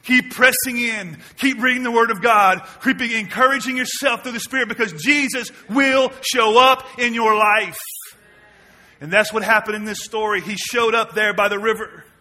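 A man, preaching a sermon to his church, moving between quiet low asides and loud emphatic questions. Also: fairly even intonation, normal speed. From Mississippi, US. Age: 40s. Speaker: pastor. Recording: long reverb of a large hall.

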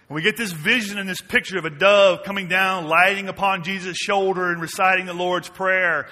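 A man, preaching a sermon to his church, moving between quiet low asides and loud emphatic questions. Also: steady tone, brisk, hardly any pauses. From Mississippi, US. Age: 40s. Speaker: pastor. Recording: long reverb of a large hall.

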